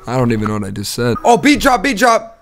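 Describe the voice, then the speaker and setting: A man's voice: mid-range voice, wildly swooping pitch, fast, fairly bright tone, slight background noise. A man streaming casual video-chat banter with strangers, crude and teasing as he jokes.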